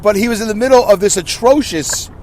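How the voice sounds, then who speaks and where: A man's voice: high-pitched, brisk, a little mellow, slight background noise. A man in his fifties hosting a solo podcast, rambling through a self-deprecating, emotional rant. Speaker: podcast host.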